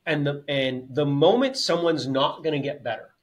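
A man's voice: a little high, moderate pace. A man co-hosting a martial arts podcast, talking things through in long, thoughtful sentences with frequent restarts. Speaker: podcast co-host. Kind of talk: casual podcast conversation.

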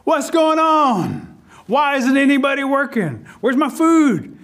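Guy putting on a squeaky bossy queen ant, high and sharp, yelling orders at everybody. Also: huge pitch swings, takes it slowly, full character voice. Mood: demanding. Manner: demanding, indignant.

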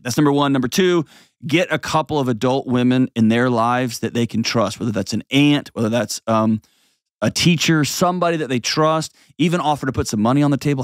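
Guy in his 40s hosting an advice show, blunt and animated, mid-pitched voice, dry close studio sound. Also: no room sound. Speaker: host giving advice. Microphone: studio mic.

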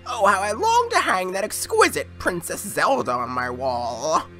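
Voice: mid-range voice, very animated, measured pace, sharp tone, soft background music, voice pushed up. A gamer voicing a pompous male sorcerer villain in a video game, reading his lines in a haughty, theatrical way. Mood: smug. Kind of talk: reading game dialogue aloud.

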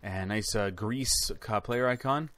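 A man giving excited, chatty commentary while opening game loot boxes, exclaiming loudly at good items and talking to his viewers. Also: lowish voice, measured pace, a little hiss or hum. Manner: chatty, addresses viewers as guys. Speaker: gaming YouTuber.

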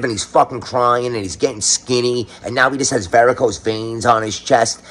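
Husky, crude New York ranter. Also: male voice, mid-range voice, normal speed, few pauses, a bit bright. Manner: sarcastic, crude, swears constantly. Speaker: commentary host. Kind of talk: profane comedic rant.

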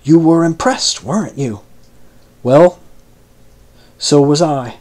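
A man doing a husky whispering conspirator. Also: fairly high pitch, darkish tone. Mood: furtive. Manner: quick, cautionary, conspiratorial. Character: furtive male sailor plotting in whispers.

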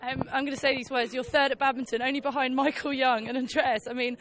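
A woman hosting trackside interviews at a horse event. She talks in a chatty, gushing rush and lets her emotions show. Her voice sits a touch above the usual pitch for a woman. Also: little pitch movement, quick pace, a bit bright, a faint crowd. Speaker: equestrian show presenter.

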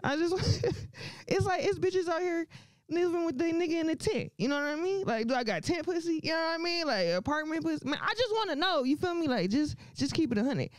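A woman's voice: very high voice, lively intonation, fairly quick, dry recording. A woman doing a crude, brash stand-up comedy set, laughing often between her lines.

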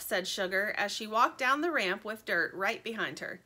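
A woman reads a children's storybook aloud in an expressive, animated way. Her voice is mid-range, at normal speed with few pauses.

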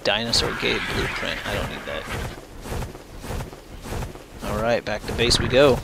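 A man's voice: on the low side, lively intonation, a little slow. A man hosting a gaming channel, giving casual let's-play commentary and cooing baby talk at the animals he tames. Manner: chatty, coos baby talk at his pets. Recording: clear background noise with game sounds.

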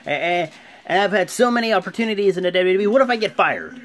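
A man's voice: high-pitched, expressive, fast talker, fairly bright tone, pitched above the performer's own voice. A man putting on the voice of a worried male wrestling authority figure who pleads in a raised voice. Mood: pleading.

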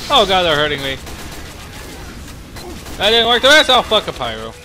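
A young man hosting his own channel, giving excitable, profanity-laden live commentary while playing a game. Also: high-pitched, normal speed, slight background noise. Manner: excitable, swears a lot, reacts loudly. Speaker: gaming channel host.

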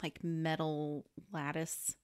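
A female podcast co-host with a notably low voice, recorded dry and close with no room sound. She talks in a laid-back way, mostly adding short reactions and laughs while her partner recaps the film. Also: little pitch movement, slow, smooth, no room sound. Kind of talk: casual movie recap chat.

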